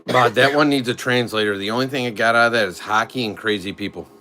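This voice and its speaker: Rambling middle-aged dad on a live stream. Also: male voice, medium pitch, fast, bright, forceful tone, slight background noise. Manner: rambling storyteller, lots of "like" fillers. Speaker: father and co-host of a family live stream. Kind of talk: casual live-stream chat.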